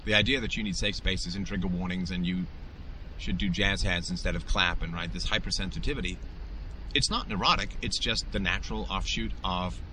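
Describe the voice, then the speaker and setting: A man's voice: sits low, bright, forceful tone, slight background noise, poor audio. A man hosting his own show, giving an emphatic solo commentary monologue and often tagging his points with a rhetorical "right?". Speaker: podcast host.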